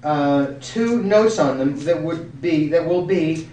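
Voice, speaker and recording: A man's voice: on the high side, takes it slowly, dark tone. A man with a genial, joking manner, explaining and demonstrating a sound effect on flutes to a group. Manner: genial, self-deprecating humor. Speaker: musician giving a demonstration. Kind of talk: informal group talk with demonstration. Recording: roomy, from a distance.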